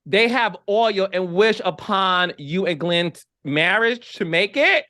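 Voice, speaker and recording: Animated male podcast host, crisp and dry. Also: high voice, takes it slowly, dry recording. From American Midwest. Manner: animated, emphatic, repeats words when excited. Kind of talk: casual interview chat.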